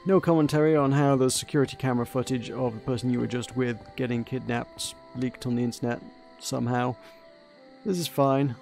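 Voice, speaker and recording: A man voicing an uneasy, creaky forum poster. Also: medium pitch, steady tone, a little fast, darkish tone, soft background music, lightly acted.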